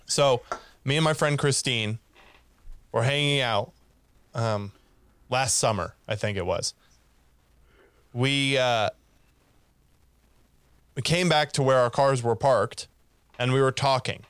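A man's voice: mid-range voice, takes it slowly, pauses often, a bit bright, clean tone, no room sound. A man casually telling a story on a podcast, laughing and acting out quoted lines.

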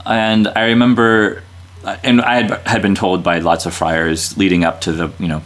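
A man's voice: low voice, flat delivery, moderate pace, a bit bright. A man in his thirties, a friar, talking casually in an interview, rambling with lots of fillers and restarts and laughing easily. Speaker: Dominican friar guest.

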